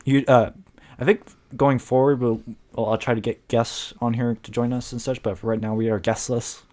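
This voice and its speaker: A man's voice: medium pitch, little pitch movement, moderate pace, a little mellow. A man hosting a casual gaming podcast, rambling with lots of fillers and laughs. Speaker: podcast host.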